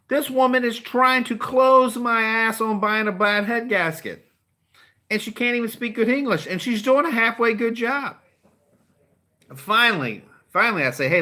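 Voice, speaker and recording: A man's voice: high voice, bright, forceful tone. Fired-up blunt man giving a pep talk. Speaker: car dealer and YouTube channel host. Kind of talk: motivational vlog talk.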